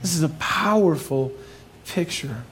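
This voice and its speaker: A pastor delivers a sermon in a high, light male voice. He preaches with animated emphasis and slips in playful, joking asides to the congregation. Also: a little slow, slight background noise.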